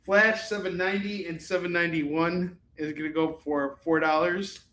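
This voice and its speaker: A man's voice: a little high, fairly even intonation, moderate pace, bright, forceful tone. A man hosting a live comic-book sales stream, chatting casually, rambling and swearing freely as he prices each book. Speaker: live shopping stream host selling comics. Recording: echoey room.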